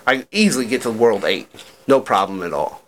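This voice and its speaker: A man's voice: fairly low pitch, expressive, a little fast, slight background noise. Chatty, profane male podcast co-host. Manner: loose, profane and chatty, with fillers like "like" and "uh". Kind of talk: casual chat.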